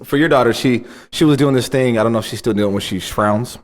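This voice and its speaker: A man in his thirties co-hosting a podcast, telling lively family anecdotes. He laughs often and slips into playful voices for his kids. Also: mid-range voice, fast talker. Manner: animated storytelling, laughs often. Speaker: podcast co-host. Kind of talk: casual chat.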